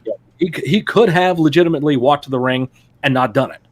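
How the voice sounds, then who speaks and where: Quick and somewhat high-voiced, this man co-hosts a wrestling podcast and tells stories in a casual chat. He's an animated storyteller who laughs often and acts out quotes.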